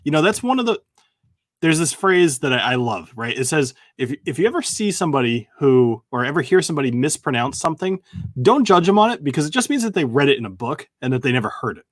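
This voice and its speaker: A man's voice: a little high, sing-song, fast, no room sound, studio quality. A man hosting a casual interview, who laughs easily and keeps the chat loose and jokey. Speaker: interview host.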